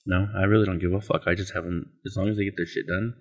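A man's voice: sits low, steady tone, quick pace, husky. A young man from Arizona, a guest and friend of the show, chatting casually with lots of swearing and calling people dog. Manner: profane, laid-back, calls people dog. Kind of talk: casual chat.

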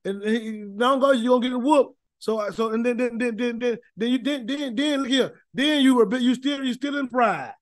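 Male Bible teacher, high voice, dry close sound, folksy and emphatic, repeats himself. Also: a little fast, hardly any pauses, no echo. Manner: folksy, emphatic preaching with many repeated words. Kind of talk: informal Bible study teaching.

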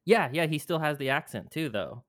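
A man's voice: on the high side, expressive, normal speed, dry recording, clean studio sound. A man telling a rambling, profane story in a casual chat.

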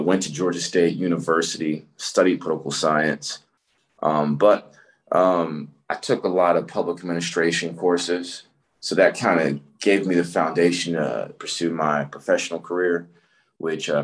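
A man in his thirties from the Midwest, a county commissioner telling his story in a relaxed interview, with frequent fillers and easy laughs. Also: low-pitched. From Midwest, Michigan. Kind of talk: conversational interview.

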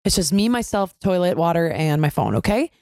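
Animated young woman telling stories. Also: a little fast, dry recording, studio quality. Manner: animated storyteller, acts out quotes in a higher voice. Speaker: podcast co-host. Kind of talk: casual chat.

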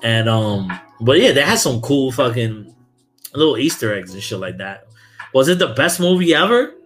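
A young man from Brooklyn, hosting a podcast in a loose, profane, animated chat and laughing often. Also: mid-range voice, moderate pace, soft background music. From Brooklyn, New York. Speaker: podcast host. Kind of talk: casual chat.

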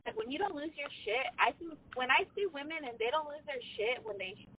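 A young woman chatting casually, filling her talk with "like" and telling stories with animated energy. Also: high-pitched, brisk, background noise. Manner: chatty, lots of "like", animated storytelling. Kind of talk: casual chat. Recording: tinny phone-line sound.

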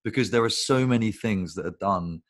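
A man with a very deep, low voice talks casually on a video call interview. He rambles through animated stories, swears freely and keeps things conversational. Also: normal speed. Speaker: guest, recruitment business founder.

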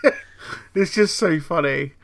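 A man's voice: on the high side, unhurried, gravelly. A man co-hosting a casual podcast chat, telling family anecdotes and mimicking his parents with some swearing. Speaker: podcast co-host.

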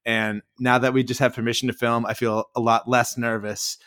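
Speaking at normal speed in a mid-range voice with little pitch movement, a male podcast host chats through a rambling story, full of "like" fillers and quoted impressions of other people. His tone is fairly bright and clean, and the studio-quality recording is dry.

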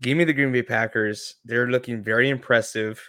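A man co-hosting a casual football betting show, giving his pick in a measured way. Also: medium pitch, steady tone, bright, forceful tone, no echo, clean studio sound. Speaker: co-host making picks. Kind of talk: casual sports betting chat.

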